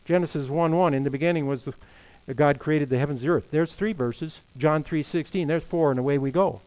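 A man's voice: fairly high pitch, brisk, a little mellow, poor audio. A middle-aged man preaching a sermon as pastor, emphatic, firing off rhetorical questions and quoting scripture.

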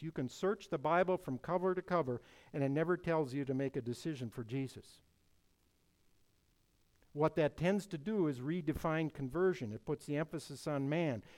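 A man preaching a sermon in an emphatic, deliberate way, repeating key phrases. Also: on the high side, a little mellow.

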